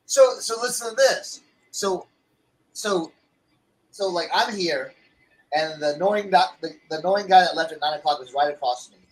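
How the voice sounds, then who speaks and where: A man in casual chat, telling an animated story and acting out other people's lines. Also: high voice, moderate pace, rough recording. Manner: animated storyteller, acts out voices in anecdotes. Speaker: co-host.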